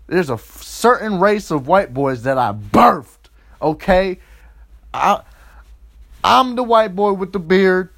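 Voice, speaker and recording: A high-voiced young man ranting crudely and profanely, his pitch leaping around as he drawls slowly through rambling, mocking bits. The sound is dry and close, with no room echo. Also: lively intonation, gravelly, a bit bright. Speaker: comedian. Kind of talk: crude comedic rant.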